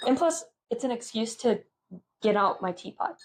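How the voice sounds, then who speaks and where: A young woman chatting casually as co-host, with a fairly high voice that leaps around in pitch. She jokes crudely and giggles often, and tells her stories with plenty of animation. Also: animated, normal speed, poor audio. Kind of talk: casual chat.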